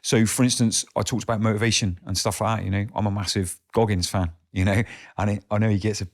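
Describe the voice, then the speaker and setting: A man as a guest on a casual podcast chat, laid-back and sweary, dropping into hushed asides when quoting. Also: fairly low pitch, steady tone, quick pace.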